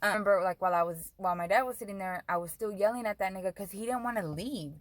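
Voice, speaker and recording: A woman's voice: mid-range voice, quick pace, poor audio. A young woman vlogger telling a storytime rant, profane and heated, switching between English and Spanish.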